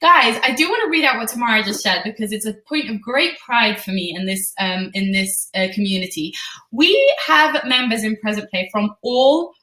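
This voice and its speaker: A woman hosting a live parenting webinar, answering questions gently with many ums and uhs. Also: fairly high pitch, lively intonation, moderate pace. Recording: roomy sound, distant from the mic.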